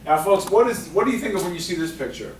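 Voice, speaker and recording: A man presenting a career workshop, talking lively with the audience and asking them questions. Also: high-pitched, quick pace. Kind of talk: interactive workshop talk. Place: library meeting room. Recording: echoey room, distant mic, faint noise.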